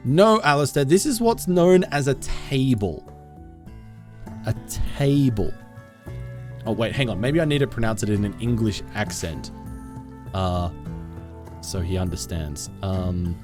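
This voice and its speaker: A man's voice: on the low side, darkish tone. A man live-streaming a game, chatting casually with viewers in a goofy, self-mocking way.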